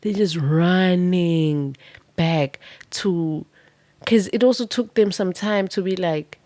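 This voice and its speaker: A woman's voice: mid-range voice, takes it slowly, mellow, dry recording. A woman doing a pick-a-card tarot reading, telling it as a vivid, dramatic story with casual swearing.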